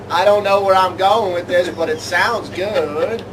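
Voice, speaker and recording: A man's voice: high voice, slow pace, recorded from a distance, noisy background. A man co-hosting a comic sports show, jokey and rambling. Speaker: co-host.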